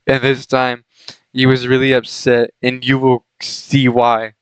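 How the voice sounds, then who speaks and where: Young guy reading cringey fanfic out loud, cracking up, smooth voice, dry close mic. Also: medium pitch, completely flat delivery, takes it slowly, no echo, poor audio. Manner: laughing through the text, breaking off to comment. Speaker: reader of a fanfic. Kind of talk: comedic dramatic reading.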